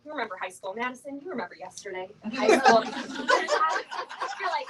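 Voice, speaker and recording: A middle-aged woman, a motivational speaker at a sales event, gives a chatty, playful talk from a stage to a live audience, full of fillers and laughing asides. Her voice is high-pitched and sing-song, at a moderate pace with hardly any pauses. She sounds far from the mic, with heavy background noise.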